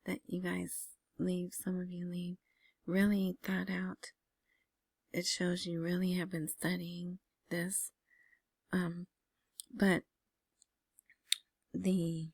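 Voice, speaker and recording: A woman hosting her own vlog, giving casual screen-share commentary on news in a soft, half-whispered way, with many ums and restarts. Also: mid-range voice, creaky, slightly rough, dry recording. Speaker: vlogger commenting on Iraqi news and currency.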